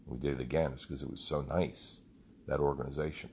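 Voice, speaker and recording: A man's voice: a bass voice, flat delivery, a little fast, darkish tone, husky. A man who leads a group fitness program, telling a rambling, heartfelt story with some swearing. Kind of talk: casual storytelling monologue.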